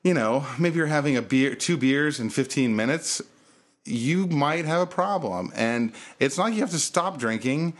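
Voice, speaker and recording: A man hosting a podcast, telling a story in casual chat and acting out the people in it with big jumps in his voice. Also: normal speed. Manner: animated, acts out quotes with big pitch jumps. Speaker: podcast host.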